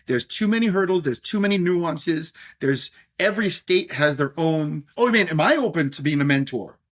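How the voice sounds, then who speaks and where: Middle-aged man from New York, slightly high voice, animated, talks in starts and restarts; guest on a podcast. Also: normal speed. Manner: animated, many fillers and restarts. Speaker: guest, scotch brand owner. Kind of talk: podcast interview.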